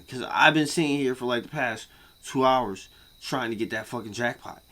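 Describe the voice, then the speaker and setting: A man ranting casually to camera as a vlogger, profane and repetitive, swinging from muttering to yelling. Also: medium pitch, normal speed.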